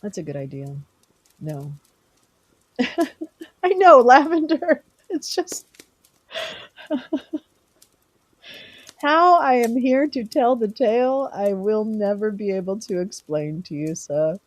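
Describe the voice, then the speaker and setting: A woman's voice: medium pitch, animated, measured pace, pauses often, no room sound. A middle-aged woman from California, hosting a live stream and chatting casually with viewers, rambling and teasing them by name.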